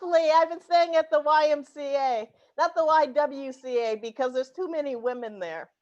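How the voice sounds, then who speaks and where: A woman's voice: sits high, normal speed, darkish tone, muffled recording. A woman hosting an online improv show over a video call, bubbly and laughing often. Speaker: improv host.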